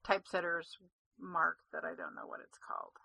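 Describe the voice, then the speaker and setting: A woman's voice: lowish voice, huge pitch swings, fairly quick, creaky, pushed and bright, no room sound. A woman co-hosting a gaming podcast, chatty and giggly, often trailing off mid-sentence. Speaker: podcast co-host. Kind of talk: casual chat.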